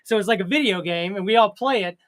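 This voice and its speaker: A man's voice: high-pitched, fast, a bit bright. A man co-hosting a casual chat, telling stories and laughing often. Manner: jokey storyteller, laughs often. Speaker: podcast co-host.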